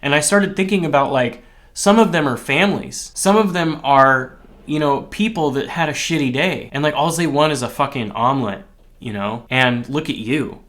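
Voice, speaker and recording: A man's voice: mid-range voice, moderate pace, fairly bright tone. Profane candid man telling a story. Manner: candid, profane, rambling with restarts. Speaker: line cook. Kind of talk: casual personal storytelling.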